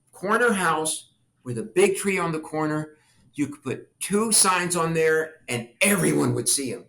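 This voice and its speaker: An older man who once served as a congressman tells family stories in an interview, his mid-range voice sounding roomy. He's an animated storyteller, laughing and acting out the voices of the people he quotes.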